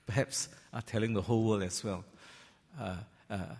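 Husky-voiced preacher in a reverberant hall. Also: male voice, lowish voice, steady tone, normal speed, darkish tone. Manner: conversational, teasing the congregation, frequent fillers. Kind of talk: sermon. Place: large church hall. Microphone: handheld or stand microphone.

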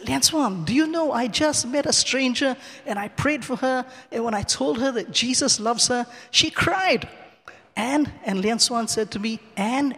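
A man giving a personal testimony in a cathedral, telling the story in a lively way, acting out the dialogue and chuckling often. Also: very high voice, long reverb tail. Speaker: church speaker giving testimony. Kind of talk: personal testimony told from the pulpit. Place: large cathedral.

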